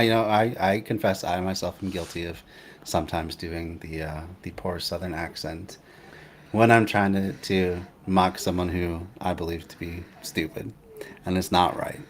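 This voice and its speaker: A man with a very low voice hosts a casual conversation. He talks in a relaxed, hesitant way and often restarts his sentences. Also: slight background noise. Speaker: host. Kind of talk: casual chat.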